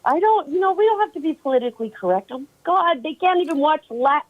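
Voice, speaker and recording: A woman co-hosting a casual live talk show, chatty and quick to laugh as she tells stories. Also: high-pitched, narrow, tinny audio. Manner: chatty, laughing, animated storytelling. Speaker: co-host.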